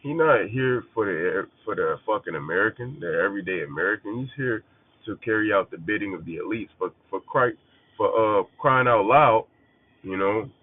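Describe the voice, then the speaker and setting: A man's voice: sits low, fast, husky. A man teaching scripture in a casual, blunt way, often swearing and hammering points by repetition. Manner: blunt, profane, emphatic repetition. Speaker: preacher. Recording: phone-like narrow band.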